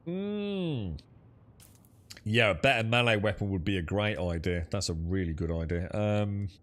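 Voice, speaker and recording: A man's voice: on the low side, lively intonation, a little slow. A young man chatting casually while playing a co-op game with friends, thinking aloud and laughing easily. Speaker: gamer streaming co-op play. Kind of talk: casual gaming chat.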